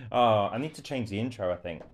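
A man's voice: mid-range voice, fairly bright tone. A man from England hosting a podcast, chatting casually about football, laughing often and poking fun at himself. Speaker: podcast host.

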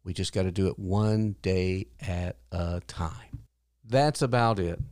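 A man's voice: deep voice, slow, darkish tone, no room sound, studio quality. An older man hosting a podcast, telling a personal story in an earnest way and lifting his voice when he quotes people. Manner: earnest, acts out quotes in a raised voice. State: widowed, grieving but hopeful. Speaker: podcast host.

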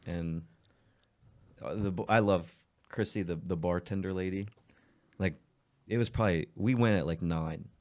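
A young man with a deep, low voice co-hosts a casual podcast. He rambles through his stories and fills them with "like" and "uh." His talk is loose and easygoing. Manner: relaxed, rambling storyteller with many fillers. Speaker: podcast co-host. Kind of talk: casual chat.

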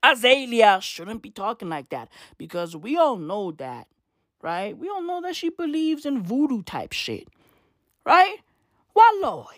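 A woman giving excitable, profane reaction commentary, repeating slang fillers. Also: high-pitched, dry recording, studio quality.

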